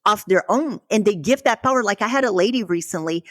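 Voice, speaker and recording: A woman's voice: mid-range voice, animated, fast, a bit bright, no room sound, studio quality. A woman hosting a podcast, speaking outspokenly and emphatically, with swearing for emphasis. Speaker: podcast host. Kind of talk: conversational podcast interview.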